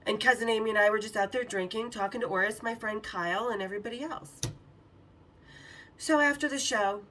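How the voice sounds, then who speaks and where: A woman's voice: mid-range voice, fairly quick, fairly bright tone, far from the mic, a little hiss or hum. A woman hosting her own show, telling stories in a frank, profane way and laughing often. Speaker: podcast host. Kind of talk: candid storytelling.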